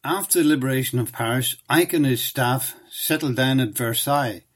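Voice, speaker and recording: A man reads documentary narration from a script. His delivery is measured and even, and his voice sits at an ordinary middle pitch for a man.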